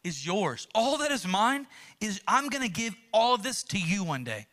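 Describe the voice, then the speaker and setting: A man acting out a tender, loving father who speaks softly to his son. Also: sing-song, moderate pace. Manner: soft, tender, lowered voice.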